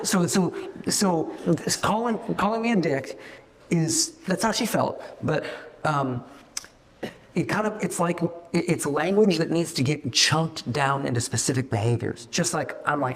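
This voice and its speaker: Male founder, middle-aged, fast and profane, animated, slightly high voice. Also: long reverb tail. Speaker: company founder. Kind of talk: casual meeting talk to staff.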